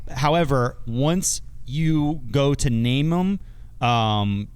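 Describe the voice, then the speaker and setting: Man, podcast host, runs the trivia game, casual, mid-pitched voice. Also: very slow, clear, resonant tone. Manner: explains rules, laughs often, fillers. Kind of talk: casual chat.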